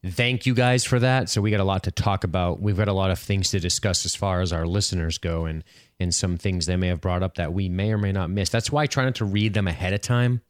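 A man's voice: deep voice, fairly quick, dry recording, studio quality. A man co-hosting a podcast, chatting casually and joking around. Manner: joking, animated, does silly voices. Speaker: podcast co-host. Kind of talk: casual chat.

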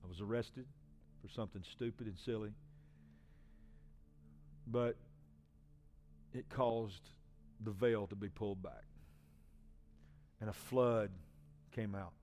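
A man in his forties, a pastor, giving an emotional personal testimony in a sermon, swinging from hushed to loud. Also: on the low side, steady tone, takes it slowly, pauses often, faint music behind. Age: 40s.

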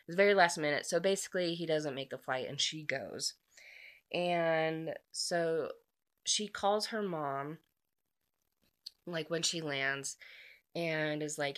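Low-voiced chatty woman recapping a book. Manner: chatty, full of "like" and quick asides; acts out dialogue in lively quoted bits. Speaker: book reviewer.

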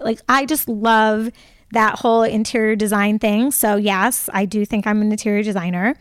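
A talkative woman guest telling stories in a casual interview, speaking in quick animated bursts. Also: mid-range voice, clear, resonant tone, dry recording, clean studio sound. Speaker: podcast guest.

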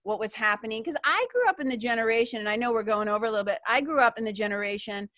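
A woman's voice: fairly high pitch, lively intonation, very fast, fairly bright tone, no room sound. A woman hosting an interview podcast, talking in an effusive, rambling way with many restarts. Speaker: podcast host. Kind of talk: casual interview chat.

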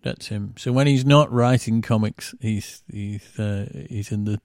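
A man's voice: fairly low pitch, measured pace, darkish tone. A man co-hosting a podcast, chatting casually with dry, teasing banter. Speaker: podcast co-host. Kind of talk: casual chat.

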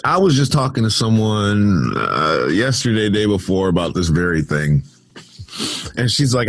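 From his home studio, a man hosts a casual news podcast, reading odd stories and veering into sarcastic, rambling asides. His voice is lowish with big pitch swings, delivered at normal speed.

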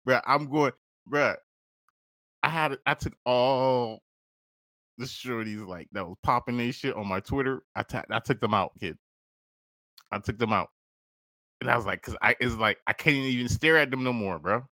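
A man's voice: mid-range voice, unhurried, pauses often, pushed and bright, dry recording. A man hosting a podcast, telling a personal story in casual, slangy talk, laughing often and calling the listener "bro". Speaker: podcast host.

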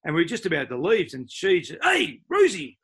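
A man's voice: fairly high pitch, quick pace, husky. An older Australian man, a former footballer and coach, telling stories in a casual interview and mimicking other people's voices. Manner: animated, mimics voices in anecdotes.

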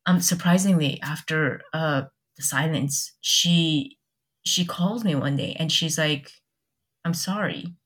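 A young woman with a notably low voice tells a personal story in relaxed conversation. She speaks candidly, often stopping to restart a thought and acting out what people said to her. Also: breathy edge. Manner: candid, halting, many restarts and quoted dialogue. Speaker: podcast guest. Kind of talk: personal storytelling in casual chat.

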